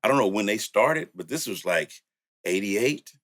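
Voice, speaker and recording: A man's voice: fairly low pitch, animated, moderate pace, fairly bright tone. An older man, a music producer, tells stories in a laid-back, casual way, laughing often and saying "you know" a lot. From Louisiana and San Francisco. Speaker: music producer and studio owner. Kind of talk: storytelling in casual conversation.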